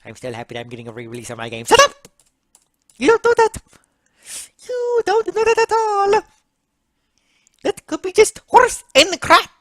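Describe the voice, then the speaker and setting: A woman's voice: monotone, very fast, hardly any pauses, no echo, clean studio sound. A woman voicing Mario as a bossy older plumber brother who nags and scolds during in-character gameplay commentary. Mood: shouting. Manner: bossy, scolding, shrill nagging. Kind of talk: let's play commentary in character.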